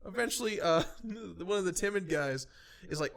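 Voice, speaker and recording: A man in his twenties co-hosting a casual podcast chat, telling profane stories, laughing often and acting out shouting voices. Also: on the high side, a little fast, vocal fry. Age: 20s. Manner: animated storytelling, acts out loud shouting voices. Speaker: podcast co-host.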